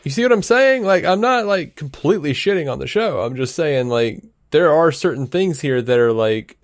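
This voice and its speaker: A man co-hosting a podcast, arguing his point in an animated, casual way and swearing now and then. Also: mid-range voice, no room sound, clean studio sound. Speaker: podcast co-host. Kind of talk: casual debate.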